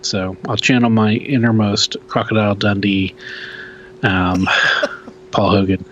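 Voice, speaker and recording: A man's voice: on the low side, flat delivery, measured pace, fairly bright tone, highs cut off, a little hiss or hum. A man co-hosting a casual podcast, rambling and self-deprecating with lots of fillers. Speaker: podcast co-host. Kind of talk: casual chat.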